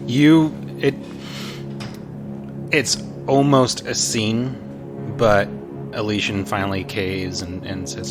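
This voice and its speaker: A man narrating as game master of a tabletop role-playing game, halting with restarts. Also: fairly low pitch, steady tone. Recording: guitar music behind.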